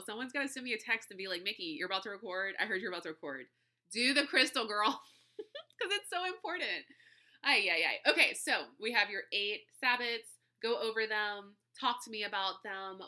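This woman hosts her own podcast, chatting casually and effusively straight to her listeners in a mid-range voice that sounds pushed and bright. She laughs often and drops in slang like "y'all."

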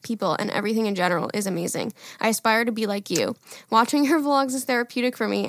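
A woman co-hosting a podcast, reading listener emails aloud in casual chat, excitable and swearing freely. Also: mid-range voice, dry recording, clean studio sound. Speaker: podcast co-host.

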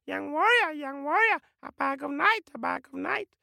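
Teasing jungle birds in a storybook, very high squeaky calls, voiced by a man. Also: expressive, moderate pace, creaky, sharp tone, no echo, studio quality, full character voice. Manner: sing-song repeated calls.

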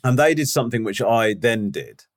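A man's voice: medium pitch, very animated, normal speed. A young man co-hosting a podcast in casual chat, sardonic and mock-disgusted, with a lot of swearing. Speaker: podcast co-host.

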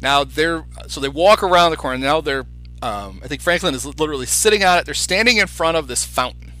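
Bright-voiced man chatting on a podcast. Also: fairly high pitch, lively intonation, brisk, faint music behind, rough recording. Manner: chatty, recounting scenes with acted quotes. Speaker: podcast co-host. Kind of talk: casual podcast chat.

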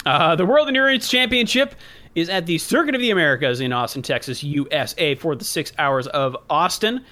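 A man's voice: on the high side, lively intonation, a little fast, sharp tone. A man co-hosting a casual motorsport podcast, reading out race listings and tripping over foreign place names. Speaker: podcast co-host.

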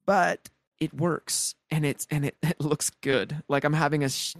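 A man co-hosting a podcast, talking excitedly in casual chat and rambling with many restarts and repeated words. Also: a little high, a little slow, dry recording. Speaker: podcast co-host.

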